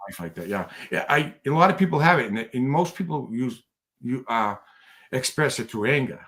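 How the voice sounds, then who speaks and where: A man's voice: mid-range voice, expressive, normal speed, a bit bright. A man, a podcast guest telling stories in casual chat, rambling with many restarts. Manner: rambling, restarts often, bursts into laughter.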